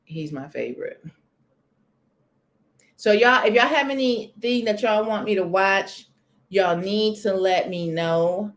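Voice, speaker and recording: A woman's voice: medium pitch, lively intonation, slow pace, pauses often. A woman hosting a casual live-stream chat. She is chatty and emphatic, and often repeats herself. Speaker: channel host.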